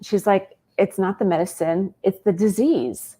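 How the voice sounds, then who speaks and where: Woman, interview guest, animated storytelling, quotes dialogue. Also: medium pitch, measured pace, breathy edge.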